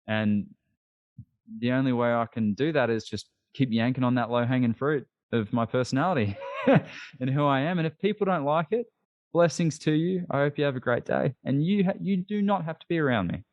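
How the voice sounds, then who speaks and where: A man with an Australian accent, a podcast guest talking in a casual interview in an animated, emphatic and self-deprecating way. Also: mid-range voice, normal speed, dry recording, highs cut off.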